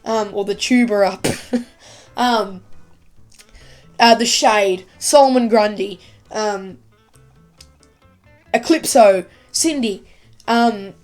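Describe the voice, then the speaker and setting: A woman giving a casual, excitable video review of a TV episode, rambling with lots of fillers. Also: medium pitch, takes it slowly, long pauses, soft background music. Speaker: YouTube TV reviewer.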